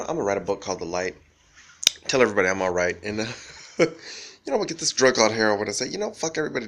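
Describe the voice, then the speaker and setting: A man's voice: medium pitch, gravelly. A man rambling through a profane monologue, often laughing as he talks.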